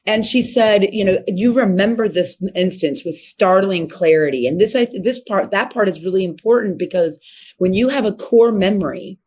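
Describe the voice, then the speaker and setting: A woman's voice: normal speed, slightly rough. A woman in her fifties from Missouri, a horse trainer telling her story as a guest in an interview, acting out the voices of people she quotes. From Missouri, USA. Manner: animated, acts out quoted voices with sharp pitch jumps.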